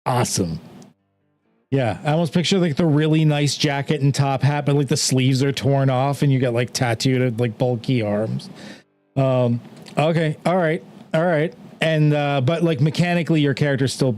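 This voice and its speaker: A man's voice: mid-range voice, normal speed, faint music behind. Casual rambling male game master. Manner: relaxed, rambling narration with many "like"s. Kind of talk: narrating a tabletop game.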